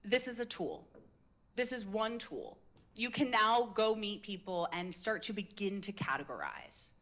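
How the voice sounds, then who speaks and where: A woman's voice: medium pitch, big pitch swings, unhurried, a bit bright. A woman coaching a live public speaking workshop, talking in an upbeat, casual, demonstrative way into a handheld mic. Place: indoor meetup room with a group. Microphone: handheld microphone.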